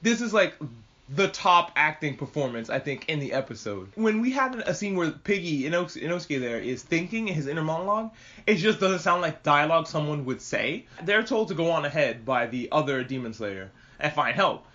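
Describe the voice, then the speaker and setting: A man's voice: a little high, lively intonation, brisk, bright, forceful tone. A man hosting a casual spoken anime review, swearing and laughing often as he retells scenes. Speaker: podcast host reviewing anime. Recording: dull lo-fi audio.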